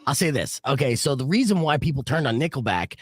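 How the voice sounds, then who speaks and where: A man's voice: mid-range voice, very animated, fast, dry recording. A man from New Jersey hosting a radio morning show podcast, talking in a brash, casual way and swearing freely.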